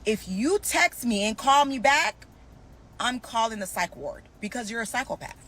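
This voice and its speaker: A young adult woman telling a storytime about her dating life, animated and acting out both sides of the conversation. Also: a little high, moderate pace, a little hiss or hum. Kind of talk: storytime vlog.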